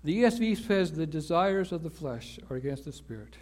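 This pastor's voice sits on the high side, brisk and sing-song with a darkish tone. His sermon is conversational: he leans on repeated key words and keeps checking with the audience, asking "right?" and "okay?"

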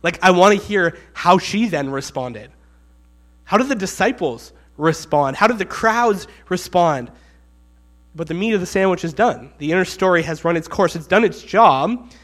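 A man's voice: high-pitched, lively intonation, normal speed, fairly bright tone. A man preaching a sermon in a conversational way, reading scripture and acting out the quotes with rising emphasis.

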